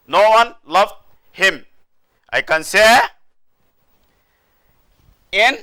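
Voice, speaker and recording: Male teacher from Sudan, middle-aged; smooth, deliberate classroom delivery. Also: high voice, pushed and bright. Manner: slow, repetitive, explanatory delivery with frequent checks for understanding. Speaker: English teacher. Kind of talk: classroom grammar lesson.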